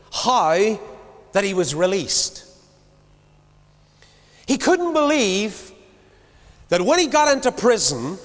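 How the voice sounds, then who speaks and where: A man preaching a sermon to a large congregation, swinging from loud declarations to quiet low asides. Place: large church. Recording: long hall reverb.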